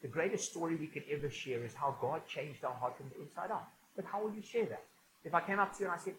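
A man's voice: on the high side, fast, fairly bright tone, slight background noise, low-quality recording. A man preaching a conversational, humorous sermon in a church. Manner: conversational and humorous, with frequent restarts. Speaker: pastor. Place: church auditorium.

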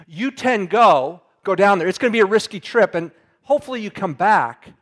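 A man's voice: fairly high pitch, expressive, normal speed, a bit bright. A preacher voicing a blunt, stubborn old father. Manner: blunt, folksy slang.

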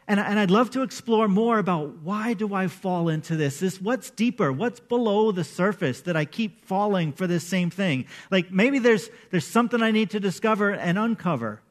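A male pastor preaching a sermon in a conversational, animated way, acting out the people he quotes. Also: high voice, moderate pace.

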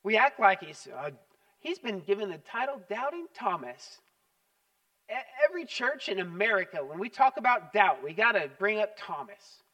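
A man delivers a sermon in a high, bright tone. He tells stories with animated emphasis and repeats his points. The voice is picked up from some distance away. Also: moderate pace, lo-fi sound. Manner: animated storytelling, emphatic repetition. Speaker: pastor.

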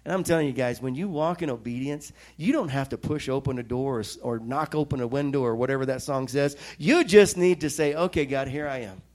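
A man's voice: mid-range voice, fairly quick, hardly any pauses, darkish tone. A man preaching a sermon, telling a personal testimony in a storytelling way with self-mocking asides, from Missouri. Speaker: pastor.

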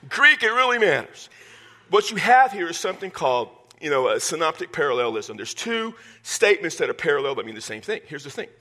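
A man preaching in a high, bright voice that swoops up and down as he jokes with his congregation. His tone is a little husky, and his delivery is folksy and animated. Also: a little fast. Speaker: pastor. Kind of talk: sermon. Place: church sanctuary with congregation.

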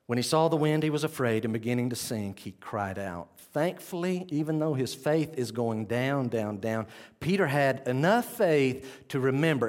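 A man preaching a sermon, talking straight to the congregation and swinging between loud emphasis and quiet intensity. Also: mid-range voice. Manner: conversational, addresses the congregation directly.

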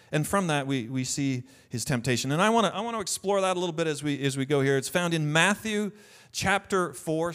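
A man's voice: fairly high pitch, a bit bright. A man, a pastor, preaching a sermon in a conversational way, reading scripture aloud with rising emphasis and often repeating words as he restarts.

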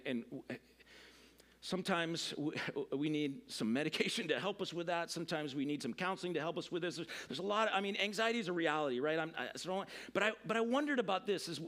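A man's voice: on the high side, a bit bright. A middle-aged man, a pastor, giving a conversational sermon, full of fillers, restarts and asides to the congregation.

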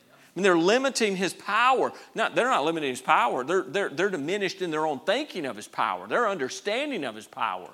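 Man, pastor, sermon, animated pitch, emphatic, repeats words, hushed to loud. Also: brisk.

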